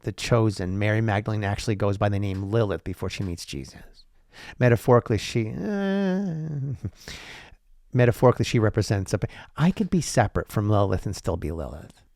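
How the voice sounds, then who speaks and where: A man's voice: lowish voice, vocal fry, a little mellow, no room sound, clean studio sound. A man hosting a solo podcast monologue, rambling with profane, sarcastic asides and frequent restarts. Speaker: podcast host.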